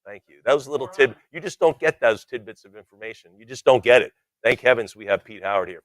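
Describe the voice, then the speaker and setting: Auctioneer, man in his 60s, rapid bid chant with playful banter, mid-range voice, dry close mic. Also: mid-range voice, lively intonation, no echo. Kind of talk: live auction calling.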